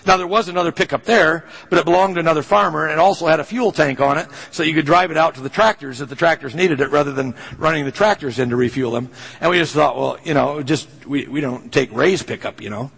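A man's voice: on the high side, fast, gravelly, fairly bright tone, breathy edge, in a large hall, low-quality recording. A man pastor preaching a sermon, telling a personal story in an earnest, conversational way.

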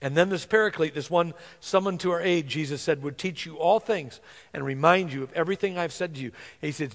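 A man preaching a sermon, earnest, slowing down to stress scripture verses. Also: fairly high pitch, a bit bright. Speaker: pastor. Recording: long hall reverb.

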